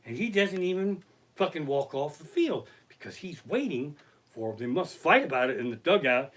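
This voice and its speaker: Streaming live from his living room, a comedian delivers a stand-up rant in a bright, animated voice at normal speed. He swears constantly and sounds exasperated, his pitch swinging widely as he builds each profane complaint.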